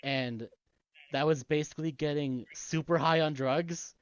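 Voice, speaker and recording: A man chatting on a podcast, retelling a story in loose, rambling bursts, swearing freely and laughing often. His voice sits a little high and sounds dry and close. The sound is dull and lo-fi, as if from a cheap microphone. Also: steady tone, unhurried, clear, resonant tone, dry recording. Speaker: podcast co-host. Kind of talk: casual chat, retelling a video game story.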